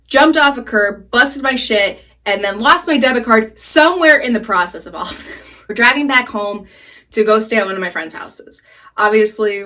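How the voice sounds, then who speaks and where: A young woman telling stories while doing her makeup, animated and swearing freely, jittery on caffeine. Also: medium pitch. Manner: animated, swearing, laughing often, squealing when excited. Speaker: beauty vlogger. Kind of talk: chatty get-ready-with-me storytelling.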